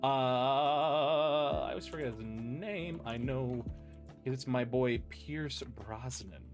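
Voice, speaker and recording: A man's voice: mid-range voice, slow pace, soft background music. A man hosting a podcast, chatting casually and telling stories with lots of restarts and fillers. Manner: rambling storyteller, many restarts and fillers. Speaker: podcast host. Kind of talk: casual chat.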